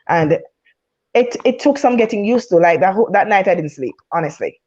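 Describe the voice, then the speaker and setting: A woman guest telling a personal story in a casual, animated way, laughing at times. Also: medium pitch, a little fast. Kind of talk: casual storytelling over a call. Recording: muffled remote headset line.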